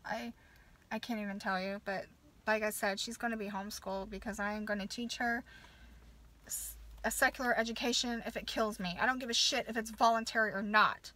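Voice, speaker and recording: A woman from the American South venting in an angry, halting vlog rant, swearing and restarting her sentences. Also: mid-range voice, steady tone, sharp tone. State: upset. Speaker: vlogger.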